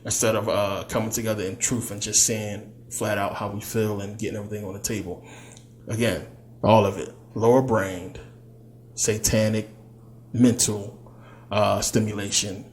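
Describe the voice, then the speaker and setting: A man's voice: lowish voice, level tone, normal speed, a little hiss or hum. A man giving a loose, conversational spiritual teaching talk, full of fillers. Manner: loose, conversational, many fillers, slips into quoted voices.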